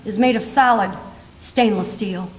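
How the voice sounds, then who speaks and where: A woman voicing a pushy, middle-aged male casket salesman with a smooth sales patter. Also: medium pitch, a little slow, a little hiss or hum, pitched below the performer's own voice, lightly acted. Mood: pitching. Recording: echoey hall.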